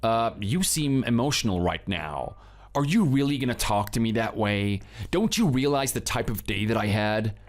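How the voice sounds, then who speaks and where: A man's voice: on the low side, animated, moderate pace, faint music behind. A man playing a cold, defensive husband. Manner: curt, defensive and withdrawn. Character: grieving, cold husband Theo. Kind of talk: scripted drama voice acting.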